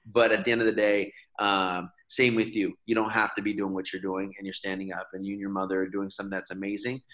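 Earnest, low-voiced man urging others on. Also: level tone, quick pace, fairly bright tone. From Michigan. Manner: earnest, persuasive, with frequent restarts. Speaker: podcast guest, activist. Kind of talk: casual conversational interview.

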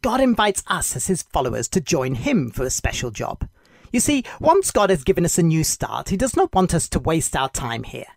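A devotional podcast host narrating a children's story, gentle and clear. The pitch rises and falls with lively movement, and the voice sounds dry and close to the mic. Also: normal speed, no room sound.

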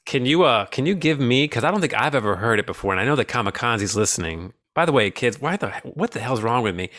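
A man's voice: medium pitch, lively intonation, quick pace, fairly bright tone. A man hosting a podcast, chatting casually and playfully, often laughing. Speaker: podcast host. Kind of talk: casual chat.

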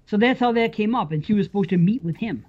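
An enthusiastic podcast co-host with a lively, swinging delivery talks films and music and swears freely. The voice sits in the middle range and the sound is a bit dull and lo-fi. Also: mid-range voice, fast. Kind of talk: casual film discussion.

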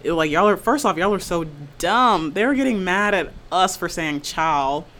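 A young woman co-hosting a podcast, talking casually, sarcastic and quick to laugh. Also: fairly low pitch. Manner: animated, sarcastic, laughs often. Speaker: podcast co-host. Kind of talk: casual chat.

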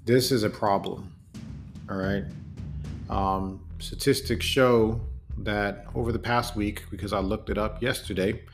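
A man hosting a solo commentary podcast, talking in an earnest, deliberate way with fillers and self-corrections. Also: on the low side, steady tone, gravelly, soft background music. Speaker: podcast host. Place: home in Germany.

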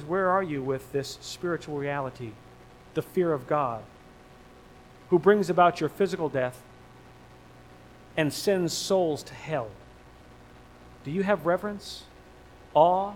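Man, high-pitched, preaching, emphatic repetition, hushed then booming. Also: a little slow, long pauses, a little hiss or hum, low-quality recording. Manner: swings between hushed low lines and loud emphatic rises. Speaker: pastor. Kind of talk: sermon.

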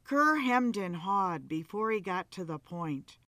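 A woman narrating a story in a measured, dramatic reading. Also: medium pitch, lively intonation, a bit bright, no room sound.

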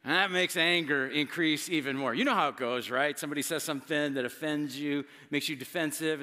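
A middle-aged male pastor preaching in a conversational, emphatic way, with dramatic pauses and words he repeats. His voice is bright and forceful. It rings out with a long reverb, as if he is in a large hall. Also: a little high. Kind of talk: sermon.

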